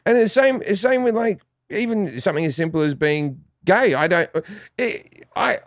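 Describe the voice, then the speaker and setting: A man's voice: high-pitched, animated, normal speed, no room sound, studio quality. An Australian man guesting on a podcast, talking in a blunt, profane, rambling way with lots of restarts. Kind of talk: casual chat.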